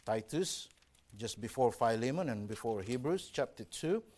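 A man's voice: medium pitch, animated, slow, a little mellow. A man preaching a sermon, earnest and emphatic, reading scripture aloud and stressing his warnings. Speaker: pastor.

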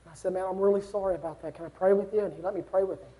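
A young man delivers a sermon with an unusually high-pitched voice. He speaks earnestly and builds to fervent exhortation. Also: steady tone, rapid-fire, few pauses, dark tone. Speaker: preacher.

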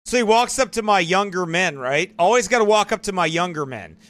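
A male preacher with a high, bright voice who talks in a lively, animated way. He is emphatic and mocking as he comments for a livestream audience. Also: a little fast. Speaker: pastor.

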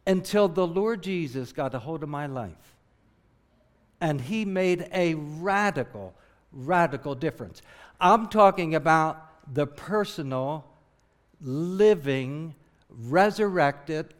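Middle-aged male missionary preacher from southern New Jersey, slightly high, earnest and emphatic delivery. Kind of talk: sermon.

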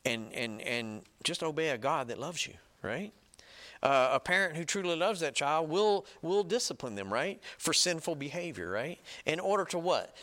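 A man preaches with a lively, swinging delivery that sits a little high for a man. He leans hard on his points, checks in with his listeners again and again, and slows down to read scripture out loud. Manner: emphatic, repeats "right?" and "okay?" to the listeners; reads scripture slowly and loudly. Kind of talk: sermon teaching.

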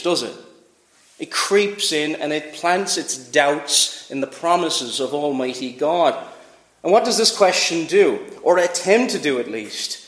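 A man's voice: fairly high pitch, lively intonation, moderate pace, fairly bright tone, roomy sound. A man preaching a sermon, asking rhetorical questions and reading scripture aloud with emphasis.

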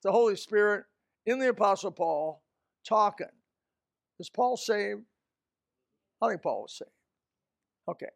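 A man preaches with a gravelly, fry-edged voice that sits high for a man. He is emphatic, jumping from loud bursts to low asides, and the close mic sounds dry with no room. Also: a little slow, pauses often, no room sound. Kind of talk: sermon.

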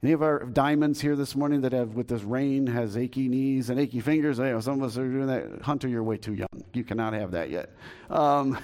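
A man's voice: mid-range voice, brisk, darkish tone. A man in his fifties preaching a sermon as pastor in a church, telling stories in a folksy, joking way with many restarts. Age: 50s. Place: church sanctuary.

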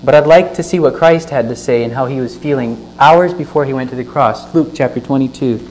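A man's voice: medium pitch, a little fast, a little mellow, poor audio. A man gives a sermon, reading verses aloud and then teaching from them in an earnest voice. He stresses key words and asks his listeners questions. A faint mains hum sits under the recording. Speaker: pastor.

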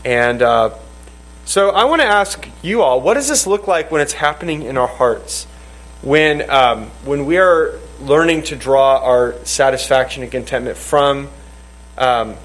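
A man's voice: mid-range voice, measured pace, a bit bright, rough recording. Man leading a Bible study. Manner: rambling, restarts often, quotes scripture. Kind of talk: teaching and leading group discussion.

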